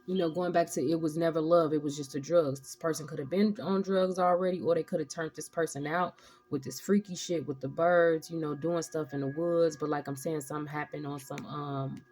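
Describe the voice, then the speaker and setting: A woman's voice: low-pitched, steady tone, a little fast, a little mellow. A woman giving a casual tarot reading, rambling and profane with streetwise slang. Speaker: tarot reader.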